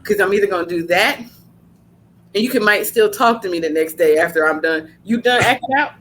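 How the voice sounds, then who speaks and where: A woman's voice: lowish voice, normal speed, a little hiss or hum. Brassy-toned woman hosting a podcast, blunt. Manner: blunt, animated storytelling with slang. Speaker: podcast host. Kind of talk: casual podcast chat.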